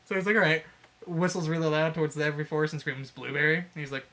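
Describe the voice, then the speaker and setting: Brief: male co-host, bright and somewhat high voice, laughing, profane, acts out quotes in casual chat. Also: steady tone, very fast. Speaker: podcast co-host. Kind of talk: casual chat retelling a fanfic.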